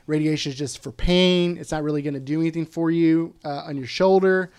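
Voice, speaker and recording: A man guest telling a personal story in casual conversation, candid and quick to swear, often quoting what others said. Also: a little high, a little mellow, smooth.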